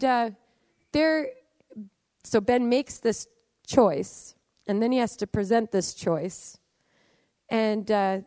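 A woman's voice: fairly high pitch, darkish tone, no echo. Woman telling an earnest church testimony. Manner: earnest storytelling with halting restarts. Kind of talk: sermon testimony.

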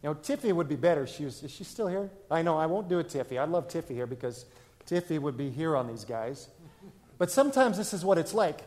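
A man, preaching a sermon to a congregation in a relaxed, conversational way, often asking them questions. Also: a little high, fairly quick. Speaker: pastor. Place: church, in front of a congregation.

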